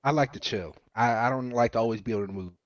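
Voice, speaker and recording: A man co-hosting a podcast, laid-back and relaxed in casual chat. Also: mid-range voice, no room sound, dull audio. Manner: laid-back, drawn-out, laughing. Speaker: podcast co-host.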